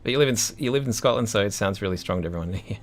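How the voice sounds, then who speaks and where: A man's voice: on the low side, expressive, rapid-fire. A young Australian man with an Australian accent, chatting casually on a livestream with a rambling, laid-back manner and frequent laughs. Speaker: composer streaming live. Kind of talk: casual livestream chat reading viewer messages.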